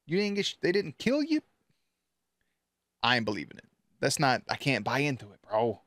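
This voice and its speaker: A man's voice: medium pitch, huge pitch swings, normal speed, a bit bright. A man hosting a reaction video, talking back to the screen in blunt, profane casual commentary.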